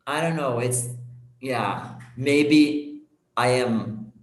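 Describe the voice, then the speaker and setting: A man who speaks natively, hosting an English practice chat. He is halting and searches for words, laughing easily. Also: medium pitch, roomy sound. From Brazil. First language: Portuguese. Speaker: host of an English practice session. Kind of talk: casual conversation.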